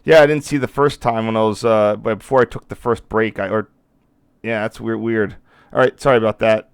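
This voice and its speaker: A man with a lowish, smooth voice talks his way through a live stream, rambling and cutting himself off. He is losing his voice a little. The sound is dry and close. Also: fairly even intonation, a little fast, no echo. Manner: rambling, self-interrupting, apologetic. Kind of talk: casual live-stream commentary.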